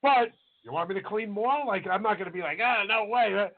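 Easygoing cook co-host, slightly high voice, lo-fi phone sound. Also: male voice, animated, brisk. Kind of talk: casual chat. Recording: tinny phone-like audio.

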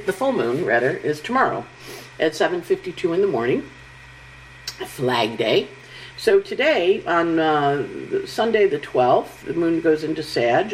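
Middle-aged woman astrologer, low voice, chatty forecast, faint room hiss. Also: low-quality recording. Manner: chatty, animated, breaks into high-pitched quoted voices. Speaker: astrologer host. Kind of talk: casual weekly astrology forecast.

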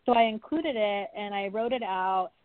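A woman's voice: medium pitch, normal speed, no echo. A woman being interviewed over the phone, candid and earnest as she talks through a personal story. The line is thin and tinny, with a dry, close sound. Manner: earnest, open, warm-hearted storytelling. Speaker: podcast guest, author.

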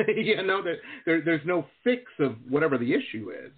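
Lively male host on a tinny line. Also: fairly high pitch. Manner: chatty, animated, quick agreement. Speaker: show host. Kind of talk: casual interview. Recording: tinny phone-line sound.

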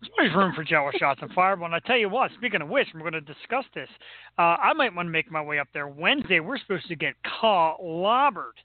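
A man's voice: high-pitched, very animated, fast talker, no echo. A man with a Philadelphia accent co-hosting a casual chat, joking and rambling. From Philadelphia area. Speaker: co-host. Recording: tinny phone-like call audio, dry.

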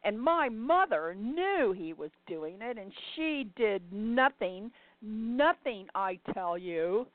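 A woman's voice: mid-range voice, big pitch swings, slow, no room sound, pitched above the performer's own voice. A woman voicing a bitter, furious older woman from Brooklyn, who speaks bluntly and profanely. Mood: outraged. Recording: dry, tinny phone-like sound.

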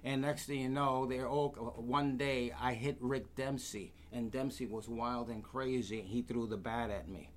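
Animated New male guest, storyteller, slips into other people's voices, faint room noise. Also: medium pitch, measured pace, few pauses. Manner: animated, acts out quoted voices. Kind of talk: casual anecdotes.

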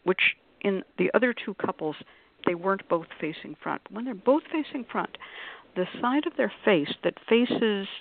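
A woman's voice: medium pitch, expressive, normal speed, creaky. A woman on a radio discussion panel, explaining at length in a conversational way and acting out quoted voices in her examples. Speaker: panelist on a call-in radio show. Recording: dry, tinny phone-like line.

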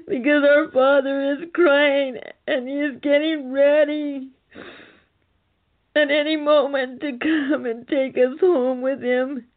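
A woman's voice: high-pitched, level tone, takes it slowly. A woman relaying a prophetic message in an earnest, tearful, pleading way. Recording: tinny phone-like recording.

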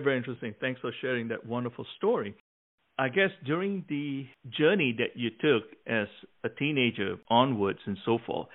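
A man hosts the conversation with measured, brief follow-ups. His voice is mid-pitched and comes through a tinny line that sounds like a phone call. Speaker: host. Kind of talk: interview.

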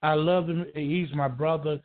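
A man's voice: on the high side, fairly even intonation. Rambling male caller on a tinny phone. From Georgia, US. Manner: rambling, halting, many restarts. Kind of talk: emotional call-in talk. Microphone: telephone.

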